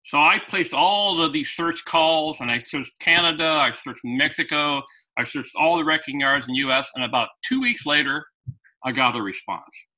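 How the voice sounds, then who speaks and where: Man, interview guest, lively anecdotal storyteller, very bright voice. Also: a little high, normal speed, rough recording. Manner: animated anecdotal, with frequent restarts. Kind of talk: storytelling in conversation.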